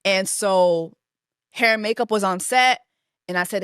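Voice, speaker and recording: Profane, animated woman venting on a podcast. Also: medium pitch, unhurried, long pauses, smooth, no room sound, clean studio sound. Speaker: podcast host. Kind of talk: casual storytelling monologue.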